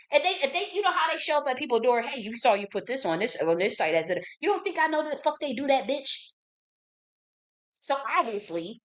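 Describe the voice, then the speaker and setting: A woman hosting her own channel rants casually, profane, repetitive, and indignant. Her voice is high with a fairly bright tone.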